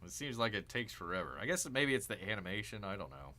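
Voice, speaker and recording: A man's voice: fairly low pitch, sing-song, fast talker, pushed and bright. A man hosting a gaming channel, casually talking himself through a strategy game, cheering and groaning at each move.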